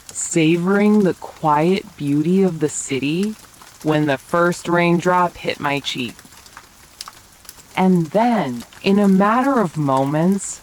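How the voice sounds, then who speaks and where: Low-voiced woman narrator, whispered role-play, slow and gentle for sleep. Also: low-quality recording. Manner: slow, soft bedtime narration. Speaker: storyteller. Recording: faint rain sounds behind.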